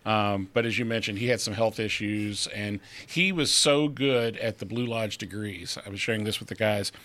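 Casting note: male co-host, bright tone, lively anecdotal chat. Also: fairly low pitch, normal speed. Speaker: podcast co-host. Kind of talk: casual chat.

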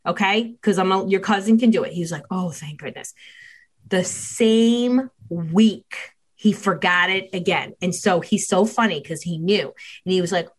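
A middle-aged woman talks as a podcast guest with an expert's assurance. She tells stories briskly, acting out the dialogue with swings up and down in pitch. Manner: animated storytelling, acting out dialogue. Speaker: guest, child mental health expert. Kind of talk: podcast interview.

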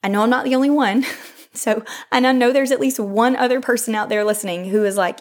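A woman's voice: a little high, fairly quick. A young woman hosting a faith podcast, earnest and chatty, with frequent laughs and lots of "like", who reads scripture aloud. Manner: earnest and chatty, laughs often, says "like" a lot. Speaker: podcast host. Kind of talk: faith-based podcast talk, reading scripture.

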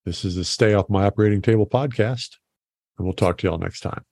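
A man's voice: fairly low pitch, fairly quick, a little mellow. A man hosting a podcast, easygoing and full of small fillers as he wraps up the talk. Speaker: podcast host. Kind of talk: casual interview chat.

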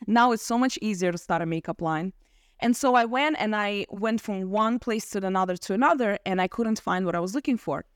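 Animated woman around forty, podcast guest, mid-pitched, dry close sound. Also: a little fast, no echo. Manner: animated, acts out quotes with laughs. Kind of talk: casual storytelling interview.

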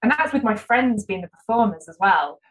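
A woman guest on a podcast, chatting casually in an animated, self-deprecating way and restarting her sentences often. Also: medium pitch, brisk, low-quality recording. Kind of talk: casual conversational interview.

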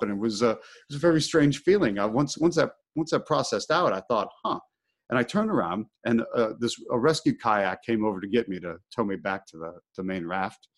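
Man telling a lively personal story. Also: mid-range voice. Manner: animated, acts out his own inner thoughts. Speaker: podcast host. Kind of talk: storytelling in casual conversation.

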